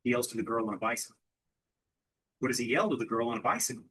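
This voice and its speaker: Guy running an english drill, kinda breathy husky voice, asks and repeats back. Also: medium pitch, animated, fast, a bit bright, poor audio. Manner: asks simple questions, repeats answers back. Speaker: English teacher. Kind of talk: question-and-answer drill teaching.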